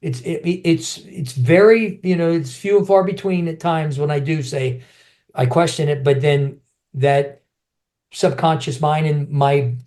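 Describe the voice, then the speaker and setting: Here a middle-aged man, formerly a champion kickboxer, spins his stories in an informal interview. The pitch is fairly high and the delivery measured, full of animation, with frequent restarts and voiced-out characters.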